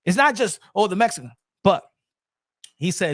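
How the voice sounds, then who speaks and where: A man hosting his own boxing channel, telling stories in a rambling, animated casual chat full of restarts. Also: high-pitched, normal speed.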